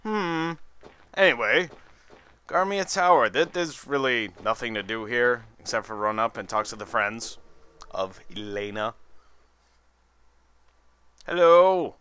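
A man's voice: medium pitch, expressive, takes it slowly, pauses often, pushed and bright, clear, resonant tone. A tired man doing rambling, sarcastic commentary over a video game. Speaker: let's play commentator.

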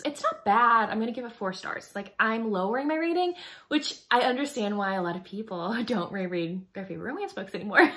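A woman's voice: mid-range voice, fairly bright tone. A woman, chatting casually as a book reviewer, giggly and full of "like" fillers. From Texas. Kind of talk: casual chat.

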